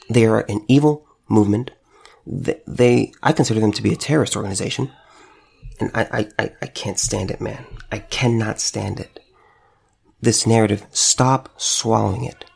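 A man's voice: fairly low pitch, creaky, a little mellow, breathy edge. A man who runs a store, delivering an impassioned monologue to camera, emphatic and repeating phrases for stress. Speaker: store owner.

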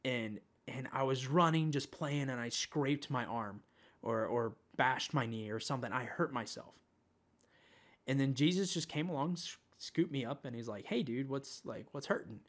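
A man speaking casually about faith at a middle pitch, loose and chatty, with lots of fillers and false starts. He sounds unscripted and easygoing as he tells a personal spiritual story. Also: moderate pace. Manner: relaxed and conversational, with frequent fillers and restarts. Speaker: Christian speaker sharing a spiritual vision. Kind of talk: casual spoken testimony.

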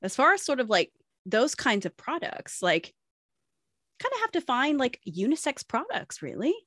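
Young woman co-host, lively swing in pitch, dry close sound, casual and sweary. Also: moderate pace, no echo. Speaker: podcast co-host. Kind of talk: casual chat. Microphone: remote call mic.

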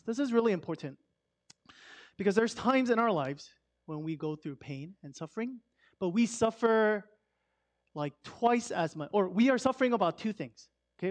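A man preaching a conversational sermon with rhetorical questions, swinging between loud emphasis and a soft hush. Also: high voice. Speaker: pastor.

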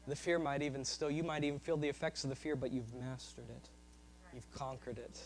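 A man preaching a sermon, swinging from loud, high-pitched emphasis to soft, low asides. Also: little pitch movement, brisk, a little hiss or hum, poor audio.

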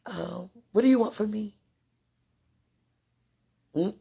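A woman's voice: mid-range voice, slow pace, creaky, mellow, slightly rough. A woman speaking casually and earnestly to her partner, rambling with restarts, religious phrasing and frequent laughter. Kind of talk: casual heartfelt talk.

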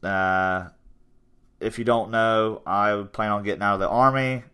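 A man in his twenties talks in a loose, rambling way, upbeat and a bit self-promoting. His voice sits low and comes through smooth and resonant. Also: steady tone, unhurried, bright, forceful tone. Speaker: podcast host and gym owner. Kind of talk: casual chat.

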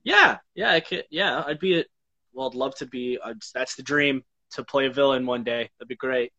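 Brief: man, guest actor, casual talk, halting and full of fillers. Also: mid-range voice, bright, forceful tone, muffled recording. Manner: hesitant, halting, many fillers. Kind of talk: casual chat.

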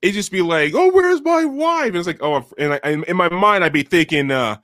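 A man's voice: a little high, quick pace, sharp tone, no echo, clean studio sound. A man in casual chat, telling rambling, profane anecdotes. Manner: rambling, profane, many fillers and restarts.

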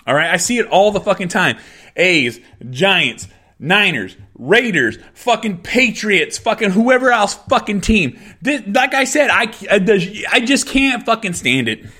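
A middle-aged man with a high-pitched voice rants on his own podcast. He is angry and swears in nearly every sentence, circling back to the same complaints again and again. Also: very animated, a little slow, sharp tone, breathy edge. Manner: angry, swearing constantly, repeating himself. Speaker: podcast host. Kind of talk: profane solo rant.

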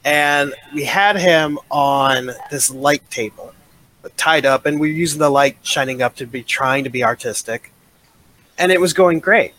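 A man's voice: fairly high pitch, measured pace, fairly bright tone, slight background noise. A man speaking as a podcast guest, telling stories casually with jokes and frequent laughs. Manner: jokey, laughs a lot while telling stories. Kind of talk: casual chat.

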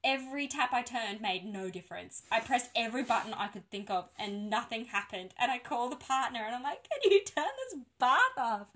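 A woman casually telling a birth story on a podcast, animated and laughing often. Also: fairly high pitch, brisk, hardly any pauses.

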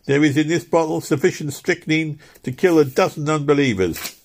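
A man's voice: on the high side, normal speed, a little mellow, voice pushed up. A man voicing a well-dressed young male unbeliever who challenges and mocks. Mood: mocking. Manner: scornful, challenging.

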